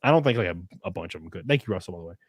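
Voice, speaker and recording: A man's voice: low-pitched, expressive, very fast, breathy edge, no echo, clean studio sound. A young man hosting a casual livestream, rambling with lots of fillers and restarts, swearing freely as he reads chat. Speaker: streamer host reading chat.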